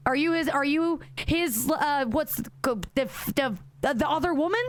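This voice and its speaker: A woman's voice: high voice, unhurried. A woman streaming a horror game live, chatting casually with her viewers, swearing freely and rambling with lots of restarts and self-corrections. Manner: chatty and animated, swears freely, talks directly to chat.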